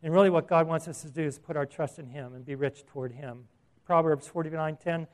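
A man's voice: fairly high pitch, a little fast. A man preaching a sermon in a conversational way, asking the audience questions and chuckling at his own asides.

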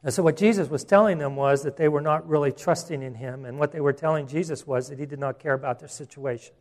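A man preaching a sermon as pastor, earnest, restarting phrases and slowing down for emphasis. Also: on the high side.

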